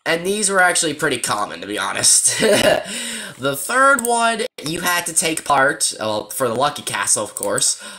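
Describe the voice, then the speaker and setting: A man's voice: on the high side, very animated, normal speed, bright, forceful tone. A man chatting casually as he walks through a game update, joking around and teasing himself. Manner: joking, chatty, self-mocking. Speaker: gaming YouTuber.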